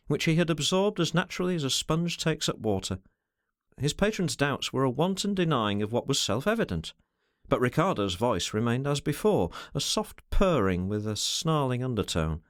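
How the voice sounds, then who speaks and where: A man narrating a classic novel as an audiobook in a measured storytelling manner. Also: medium pitch, no room sound, studio quality.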